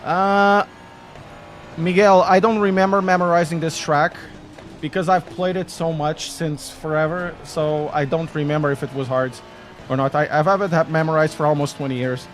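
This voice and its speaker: A man's voice: on the high side, steady tone, moderate pace, faint music behind. A man, chatting casually and rambling jokily on a sim racing live stream. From Portugal. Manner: rambling, self-deprecating and jokey.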